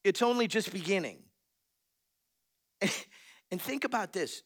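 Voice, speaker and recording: A man preaching a sermon in a conversational, animated way, reading scripture and talking it through with frequent laughs. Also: sits high, a little slow. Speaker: pastor.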